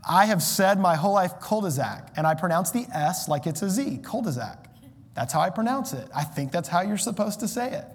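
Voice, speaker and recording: A pastor preaching in a reverberant hall. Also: male voice, high voice, fairly quick, hardly any pauses. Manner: conversational, self-deprecating, animated asides. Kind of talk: sermon. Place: church sanctuary.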